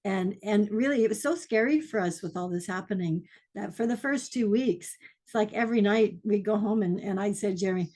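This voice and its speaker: A woman's voice: mid-range voice, fairly quick, darkish tone. A woman pastor, a guest in an interview, recalling past events in a chatty way. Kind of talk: casual interview chat.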